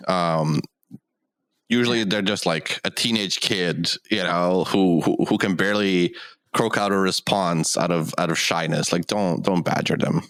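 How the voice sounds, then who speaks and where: Low-voiced young man in dry chat. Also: fairly bright tone, no echo. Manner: stammering restarts, chiming in with opinions. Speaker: podcast co-host. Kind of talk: casual chat.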